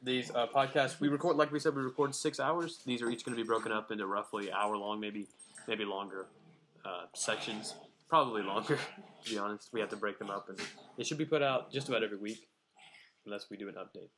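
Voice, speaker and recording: A young man in casual chat introducing a game podcast, relaxed and rambling with fillers. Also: lowish voice, a little fast, a little hiss or hum. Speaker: player and co-host.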